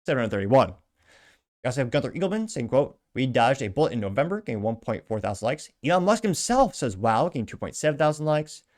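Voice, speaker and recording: This is a man hosting a commentary show who reads online posts out loud. He mixes the reading with sarcastic, half-muttered remarks. His voice sits at an ordinary pitch for a man. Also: sing-song, a little fast. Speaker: political commentary host. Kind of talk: reading and reacting to social media posts.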